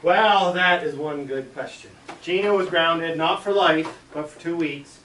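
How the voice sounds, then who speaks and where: Lively bright-voiced guy spinning a story for a class, echoey room, mic a ways off. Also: fairly high pitch, measured pace, recorded from a distance, a little hiss or hum. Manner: animated, acts out yelps and shouts. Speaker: school superintendent. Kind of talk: storytelling to schoolchildren.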